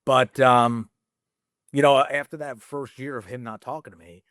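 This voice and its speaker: A middle-aged man speaking as a guest on a candid interview show. His talk is casual and rambling, with frequent fillers and the odd swear word. His voice sits in a middle pitch, recorded dry and close. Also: brisk, fairly bright tone, no room sound. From United States. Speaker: guest entrepreneur.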